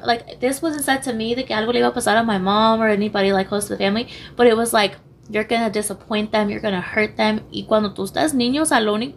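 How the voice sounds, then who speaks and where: A young woman with a hoarse voice, a podcast guest speaking candidly and haltingly, switching languages mid-sentence. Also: on the high side, a little hiss or hum. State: losing her voice, hoarse. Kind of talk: candid personal interview.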